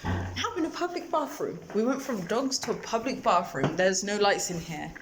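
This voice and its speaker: A woman's voice: medium pitch, moderate pace. A young woman ranting about her own story in a rambling, emotional way, filming herself on a phone. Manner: rambling, emotional, animated storytelling with many restarts. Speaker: vlogger. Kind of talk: ranting personal monologue. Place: outdoors, then a dark public bathroom. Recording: phone video with loud background noise.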